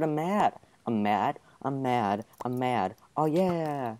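A young man hosting a gaming video, chatting casually and excitably over gameplay with frequent exclamations. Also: medium pitch, takes it slowly, hardly any pauses, slight background noise. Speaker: gaming channel host.

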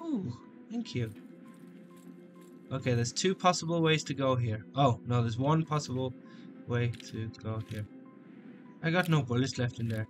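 A man giving let's play commentary on a shooter, jokey and taunting enemies with sudden shouts. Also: medium pitch, animated, a little slow, pauses often, music in the background. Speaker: gameplay commentator.

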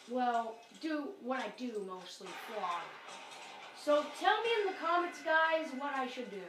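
A woman giving casual commentary over a zombie video game. She talks excitably, often exclaiming and apologizing to her viewers. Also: high voice. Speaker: gameplay commentator. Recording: roomy, distant mic, noisy game audio.

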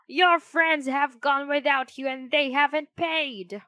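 Woman voicing a grumpy shouting innkeeper. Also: high-pitched, fairly even intonation, slow, no echo, studio quality, pitched above the performer's own voice, exaggerated voice. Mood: angry. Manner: loud and gruff.

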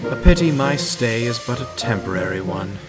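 A man voicing a deep, hoarse male engine who is formal, courteous and aloof, speaking slowly. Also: expressive, over loud music, natural voice, rough recording. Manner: courtly, polite, slow formal speech.

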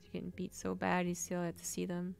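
A woman's voice: fairly low pitch, completely flat delivery, fairly quick, vocal fry. An American woman giving casual live game commentary as a caster, rambling and correcting herself as she goes. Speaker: esports caster. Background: music.

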